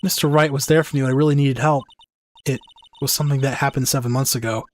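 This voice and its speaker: A man voicing a composed, polite young woman who runs an exhibition, in a game playthrough, in a calm, measured tone. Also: medium pitch, lightly acted.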